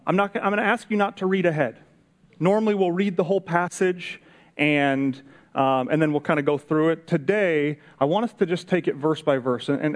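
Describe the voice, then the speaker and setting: A man preaching a sermon in a conversational way, asking the congregation rhetorical questions. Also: high-pitched. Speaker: pastor. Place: church service.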